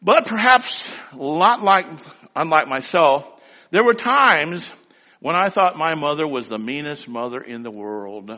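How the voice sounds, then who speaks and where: A middle-aged male preacher delivering a sermon with personal stories, dramatic, swinging between slow emphatic phrases and quick storytelling. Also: on the high side, animated, bright, forceful tone, lo-fi sound. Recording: reverberant hall.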